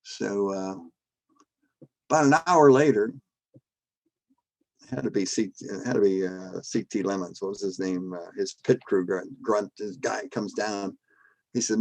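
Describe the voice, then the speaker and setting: Older man telling a lively story. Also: fairly low pitch, moderate pace, dry recording, rough recording. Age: 70s. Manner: animated, acts out shouting in his quotes, laughs between lines. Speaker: guest, former drag strip starter.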